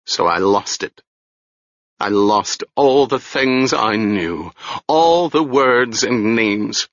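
A man voicing a ragged, half-mad old woman with a hoarse, shrill voice and a rambling, fearful way of speaking. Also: animated, slow, a bit bright, no echo, muffled recording, heavily acted. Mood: hoarse, haunted.

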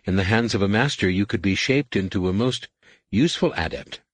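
A weary female alien adept, proud and reserved, giving brisk formal orders, as a man voices her. The storybook voice sits low and husky on a dry close sound. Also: no room sound, natural voice.

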